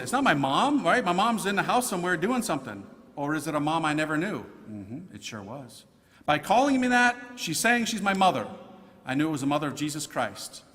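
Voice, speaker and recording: Animated priest telling his conversion story. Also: fairly high pitch, big-room sound. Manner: emphatic, animated, slangy storytelling. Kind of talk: conversion testimony talk to an audience.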